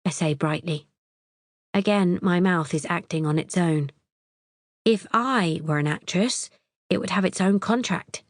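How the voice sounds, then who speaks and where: A woman's voice: on the low side, measured pace, dry recording, clean studio sound. A woman narrating a psychological thriller audiobook in the first person, wry and tense.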